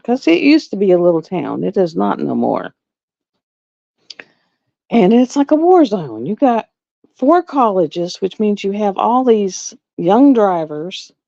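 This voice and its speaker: A woman's voice: mid-range voice, creaky, mellow, no room sound, highs cut off. A woman from the chatting casually at home on a live stream, rambling and repeating herself. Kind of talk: casual chat. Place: home with pets.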